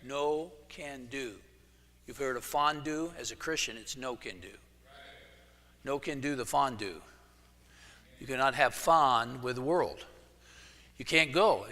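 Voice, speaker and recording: Male pastor, casual joking sermon style, bright voice, long church reverb. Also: a little high. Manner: casual storytelling with jokes. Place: church sanctuary. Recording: echoey church hall.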